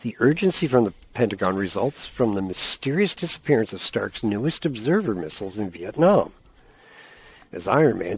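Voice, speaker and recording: A man's voice: medium pitch, gravelly, husky. A man co-hosting a casual comic-book podcast, reading plot summaries aloud and cracking joking asides. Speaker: podcast co-host.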